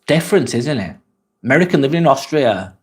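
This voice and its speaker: A man hosting a casual live vlog, reading viewer comments in a relaxed, chatty way and asking lots of questions. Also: medium pitch, brisk. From England.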